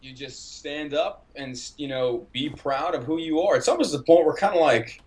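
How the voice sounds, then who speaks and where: A man's voice: a little high, normal speed, a little mellow. A man hosting a call-in show, blunt and profane, laughing often. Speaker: radio show host. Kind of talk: casual call-in show talk.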